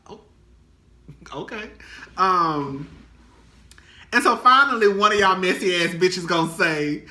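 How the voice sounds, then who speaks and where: Bright-voiced, dramatic chatty man. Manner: dramatic and chatty, swinging high and low; profane, calls viewers girl. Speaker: vlogger. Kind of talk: casual gossip vlog. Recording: echoey room.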